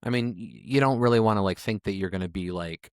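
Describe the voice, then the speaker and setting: A man's voice: lowish voice, quick pace, dry recording, studio quality. A man co-hosting a podcast in casual chat, reading out odd names and adding wry asides. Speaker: podcast co-host.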